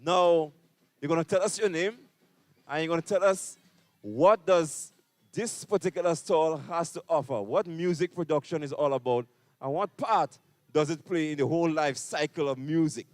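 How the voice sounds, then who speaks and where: Grenadian guy reporting at an event, kinda high voice, dry close sound. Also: no room sound. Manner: brisk, guiding, interviewer. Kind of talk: on-site event coverage.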